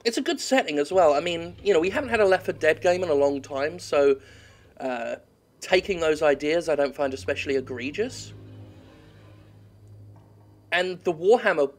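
A man talks through his own gameplay in a profane, joking let's-play commentary. His voice sits a bit high for a man, and he breaks into excitable yells at the enemies on screen. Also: moderate pace, long pauses. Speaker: games critic playing a game.

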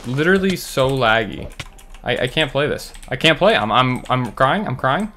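A man giving running commentary on his own gameplay, muttering to himself and breaking into loud, frustrated outbursts. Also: mid-range voice, very animated, normal speed, slight background noise. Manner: talks to himself while playing. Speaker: gaming channel host.

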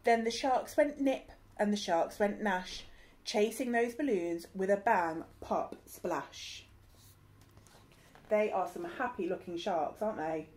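Slowly and a little mellow, a woman with a mid-range voice reads a rhyming picture book to her class as their teacher. She gives it a sing-song rhythm and adds playful asides along the way.

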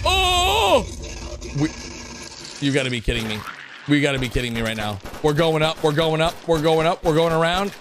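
A man giving excited commentary over animations, swinging from loud shouts to low mutters. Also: noisy background. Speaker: YouTube commentator.

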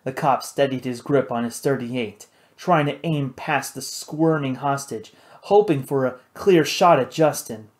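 A man reading an adventure novel aloud in steady, measured scripted narration. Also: mid-range voice. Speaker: audiobook narrator.

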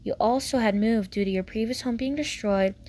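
A woman narrating a fanfic story with a gentle, even reading style. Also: a little high, a little fast. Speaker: fanfic reader.

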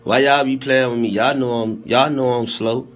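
A man's voice: mid-range voice, steady tone, normal speed. A young man chatting loosely on a phone livestream, rambling, laughing and teasing his viewers in heavy slang. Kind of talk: loose joking livestream chat.

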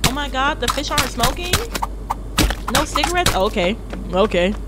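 A woman streamer giving loud, profane, laughing commentary as she plays a video game. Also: high-pitched, big pitch swings, moderate pace, very noisy. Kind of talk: casual gameplay commentary. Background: game music.

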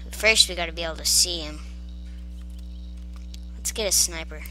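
A woman's voice: sits low, slow, a little hiss or hum. A woman giving casual gameplay commentary, talking playfully to the creatures on screen. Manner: talks to game creatures in a hushed, playful way.

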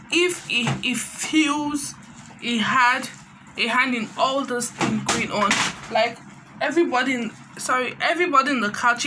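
A high-voiced woman with a Nigerian accent chats animatedly through a casual, gossipy recap of a reality show, dropping in Pidgin phrases. Background noise can be heard.

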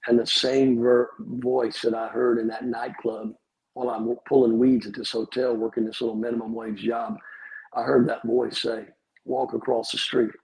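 A man tells his testimony as a pastor. His voice is gravelly and husky, and he brings the story to life by acting out each exchange. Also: medium pitch, little pitch movement, moderate pace, darkish tone, poor audio. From Georgia, USA. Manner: vivid storyteller who acts out dialogue. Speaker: pastor, guest.

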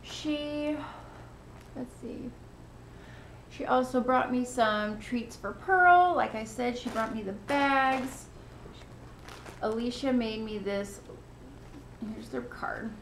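A woman's voice: on the high side, slow, long pauses, roomy sound, background noise. A woman hosting a knitting podcast, chatting casually and gushing with thanks. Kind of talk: casual chat to camera.

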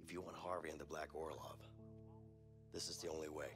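A grim, determined convict speaks in a very deep, hushed voice in a video game. He is quiet and intense, his resolve never wavering. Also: level tone, brisk, over music. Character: grim, determined male convict seeking revenge. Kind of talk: game cutscene acting.

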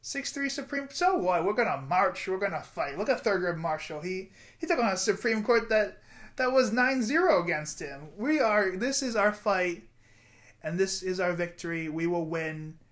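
A man's voice: high-pitched, animated, normal speed, a bit bright. A man in his twenties giving an earnest, rambling motivational vlog monologue with guided breathing and affirmations. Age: 20s. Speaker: vlogger.

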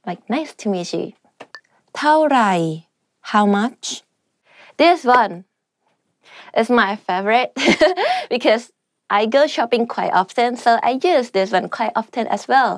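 A woman's voice: a little high, sing-song, normal speed, no echo, clean studio sound. A young woman teaching everyday phrases in a casual, chatty way, full of fillers and small laughs. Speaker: language teacher. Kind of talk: casual spoken language lesson.

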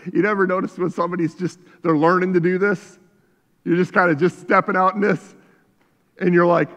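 A man preaching a sermon as pastor, shifting between quiet reflection and loud fervor, recorded in a church sanctuary. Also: high voice, steady tone, brisk. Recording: church hall reverb.

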